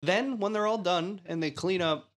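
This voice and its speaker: A man's voice: high voice, normal speed. A man co-hosting a podcast, recapping a film in casual chat, rambling and laughing often as he quotes lines. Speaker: podcast co-host.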